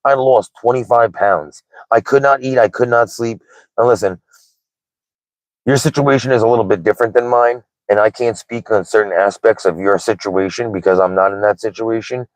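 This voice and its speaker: Candid low-voiced man rambling casually. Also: normal speed, no room sound, low-quality recording. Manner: candid, rambling, says "like" and "right?" a lot. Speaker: livestream host. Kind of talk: casual livestream chat.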